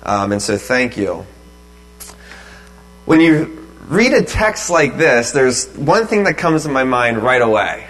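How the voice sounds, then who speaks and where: A man speaking as a pastor, thanking people and leading a sermon in a relaxed, halting way with many pauses and fillers. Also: mid-range voice, low-quality recording.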